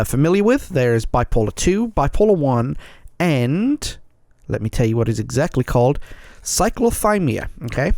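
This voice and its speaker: A male podcast host speaks frankly and earnestly on his own, rambling a little and often pausing to check in with his listeners. His pitch sits in an ordinary middle range, and the sound is close and dry. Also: a little mellow, no echo. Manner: rambling, repeats himself, keeps checking in with "okay?". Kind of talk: solo confessional podcast monologue.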